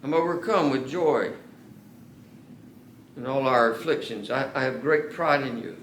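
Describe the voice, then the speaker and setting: A man's voice: medium pitch, a bit bright. Guy preaching in a church, earnest, stretches out the big words, roomy echo, faint hum behind. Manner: earnest, drawn-out emphasis on key words. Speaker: pastor. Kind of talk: sermon. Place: church sanctuary. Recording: echoey church room.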